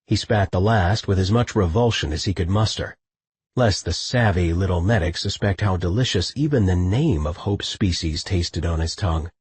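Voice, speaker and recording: A man narrating a novel in a steady, measured manner. His voice is low and very husky, recorded close and dry with no room echo. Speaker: audiobook narrator. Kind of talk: scripted narration.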